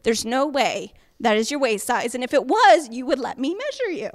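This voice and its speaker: A woman's voice: high voice, lively intonation, normal speed. A woman acting out a blunt male producer who speaks firmly and matter-of-factly.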